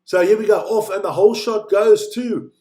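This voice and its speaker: Excitable higher-voiced male race commentator. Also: normal speed. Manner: chatty, joking, excitable during races. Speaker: live watch-along commentator. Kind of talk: casual live race commentary.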